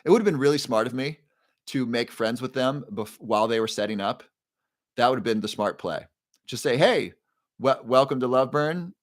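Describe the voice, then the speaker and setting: A man's voice: medium pitch, brisk, no room sound, studio quality. A man hosting a casual livestream, telling a story in a chatty way and repeating key phrases. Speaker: livestream host.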